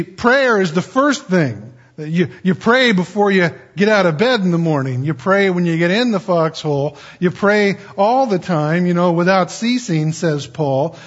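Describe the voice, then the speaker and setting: Husky, folksy man preaching a sermon. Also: high voice, lo-fi sound. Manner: folksy, stammering restarts, acts out quoted pleas. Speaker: pastor. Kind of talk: conversational sermon.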